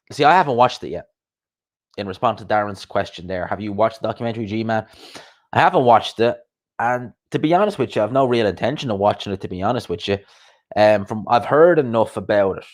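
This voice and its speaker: A man hosting a live boxing chat, rambling casually and answering viewers' comments. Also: fairly low pitch.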